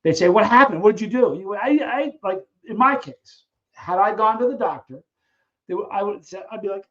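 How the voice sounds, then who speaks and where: Animated man hosting a lo-fi live stream. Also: high-pitched. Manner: animated storyteller who acts out scenes, halting restarts. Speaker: livestream host answering viewer questions. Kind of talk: casual live Q&A chat.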